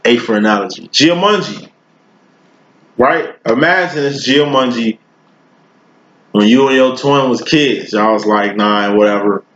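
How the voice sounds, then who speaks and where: A man's voice: mid-range voice, measured pace, long pauses, fairly bright tone, a little hiss or hum. A man giving a casual tarot reading, talking in a loose, slangy, profane way and spinning long rambling analogies. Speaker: tarot reader. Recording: roomy, dull lo-fi recording.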